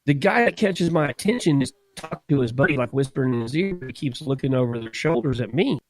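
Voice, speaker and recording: A man's voice: mid-range voice, fast, rough recording. Laughing man telling a store story. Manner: animated, laughs while telling, acts out quotes. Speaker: podcast co-host. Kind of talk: casual storytelling.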